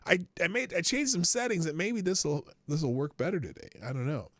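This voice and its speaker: A man's voice: a little high, big pitch swings, moderate pace, fairly bright tone, no room sound. A man hosting a casual livestream show from a small home studio, rambling, profane and chuckling often. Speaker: host. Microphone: headphones with desk mic.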